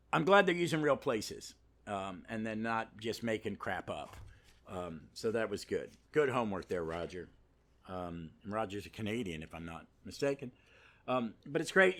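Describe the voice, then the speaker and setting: A man's voice: fairly low pitch, fairly bright tone. A man hosting a podcast, giving a casual, rambling comic book review full of asides and fillers. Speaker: podcast host.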